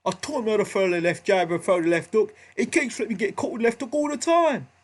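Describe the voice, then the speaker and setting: A man voicing a stubborn old-school male boxing trainer with a Cockney accent, shrill and shouty. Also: fast. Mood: exasperated.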